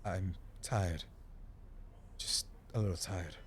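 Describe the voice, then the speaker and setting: A man's voice: deep voice, fairly even intonation, slow, voice pushed down. A man reading as a weary woman painter. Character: weary young woman painter losing time.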